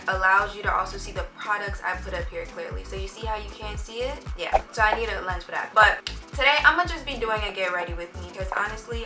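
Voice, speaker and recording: Rambling Jamaican woman, roomy distant sound. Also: medium pitch. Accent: Jamaican, prep-school polished. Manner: chatty and rambling, with frequent fillers and self-corrections. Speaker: beauty vlogger. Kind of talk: get-ready-with-me storytime chat.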